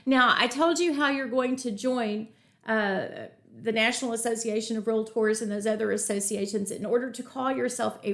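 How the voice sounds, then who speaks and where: A woman's voice: on the high side, creaky. A middle-aged woman teaching a live real estate webinar, upbeat and chatty, greeting viewers from the chat and telling stories as she goes. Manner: chatty storytelling with asides.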